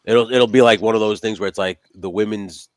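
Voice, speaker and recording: A man hosting a casual wrestling podcast, swearing freely and ranting through animated stories. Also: lowish voice, brisk, dry recording, studio quality. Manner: profane, ranting, animated storytelling. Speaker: podcast host.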